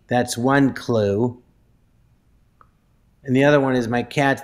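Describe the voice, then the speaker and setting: Halting, flustered male guest. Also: medium pitch. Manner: halting, stumbles and restarts, flares into shouting. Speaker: comedy show guest. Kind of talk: improvised comedic interview.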